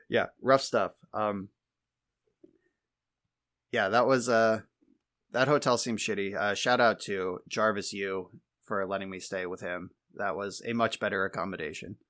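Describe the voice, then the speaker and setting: A man's voice: on the low side, fairly even intonation, measured pace, pauses often, a bit bright. A man co-hosting a podcast, telling exasperated, wry stories in casual chat and swearing freely. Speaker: podcast co-host.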